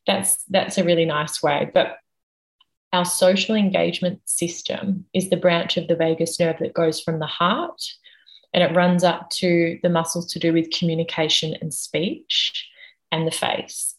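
A woman with a low-pitched voice talks as an interview guest. She explains her points patiently and in measured steps, building each idea in turn. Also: low-quality recording. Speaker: guest expert on the nervous system.

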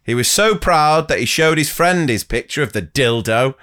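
A young man co-hosts a casual teachers' podcast, reading listener stories aloud and laughing as he goes. His voice is smooth and resonant, and his pitch rises and falls in a lively way. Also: normal speed.

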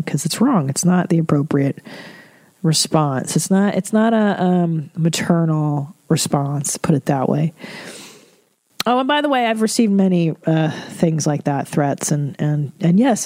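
A woman's voice: on the low side, lively intonation, measured pace, a little mellow, no echo. A woman hosting an advice podcast, talking candidly and emotionally, swearing freely as she reads listener letters aloud. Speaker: podcast host. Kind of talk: casual advice podcast monologue.

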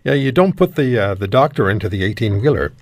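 Gravelly-voiced male radio host. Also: fairly low pitch, big pitch swings, fast, dry recording. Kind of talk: radio interview.

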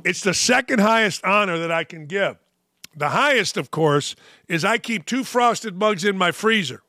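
A man's voice: sits high, moderate pace, no echo. A man hosting a sports talk show, delivering a brash, mocking monologue of opinionated commentary from a studio. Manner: brash, mocking, animated rants.

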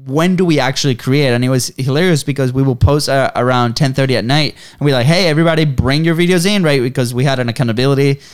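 A man's voice: medium pitch, steady tone, fast talker, few pauses, clear, resonant tone. A man co-hosting a casual business podcast, chatting freely and checking in with "right?" again and again. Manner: chatty, often adds "right?". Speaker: podcast co-host.

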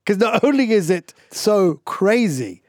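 A man's voice: high-pitched, sing-song, measured pace, a little mellow, no echo. Incredulous man comedian host. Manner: dry, incredulous reactions. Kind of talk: panel show host reacting.

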